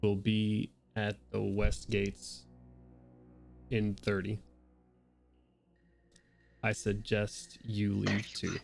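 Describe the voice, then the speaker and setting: A man's voice: on the low side, monotone, extremely slow, creaky, long pauses, darkish tone, soft background music, heavily acted. A man reading as a terse royal guard. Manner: terse, clipped phrasing. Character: worried male royal guard sending a terse message.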